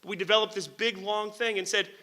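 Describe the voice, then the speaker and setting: A middle-aged man from New Jersey, a lawyer and author giving a public talk, telling a story in an animated, candid way, swearing casually and chuckling at his own remarks. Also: high voice, fast talker.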